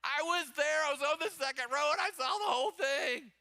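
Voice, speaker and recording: A male pastor acting out an excited woman gossiping at a nail salon in a raised, animated voice. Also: extremely high pitch, a little fast, pitched above the performer's own voice. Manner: animated, loud.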